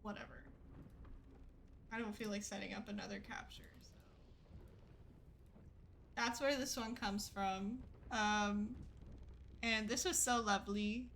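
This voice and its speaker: A woman's voice: medium pitch, fairly even intonation, unhurried, pauses often, a bit bright, slight background noise. A woman streamer telling a rambling, chatty story with lots of fillers and giggles. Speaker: gaming streamer. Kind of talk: casual storytelling chat.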